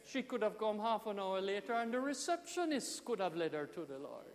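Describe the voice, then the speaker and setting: A man with a Jamaican accent, a pastor telling a story in an animated sermon with emphatic swings in loudness. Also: high-pitched, a little fast, big-room sound, slight background noise.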